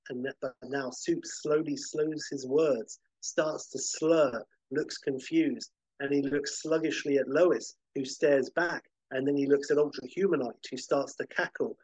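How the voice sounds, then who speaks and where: A man hosting a podcast, narrating a film pitch vividly, with occasional fillers. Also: fairly even intonation, measured pace, husky, no echo, rough recording. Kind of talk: animated story pitch.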